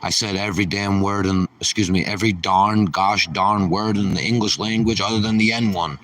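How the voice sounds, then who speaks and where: A man's voice: fairly low pitch, steady tone, moderate pace, a bit bright, recorded from a distance. A man hosting a casual livestream, ranting sarcastically and swearing as he rambles. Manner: sarcastic, profane rambling rant. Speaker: livestream host.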